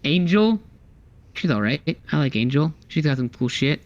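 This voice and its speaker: A man co-hosting a casual podcast, talking excitedly and swearing a lot as he chats about fighting games. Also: on the high side, moderate pace, dull audio. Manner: excited, swears often, acts out character lines. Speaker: podcast co-host. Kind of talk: casual chat.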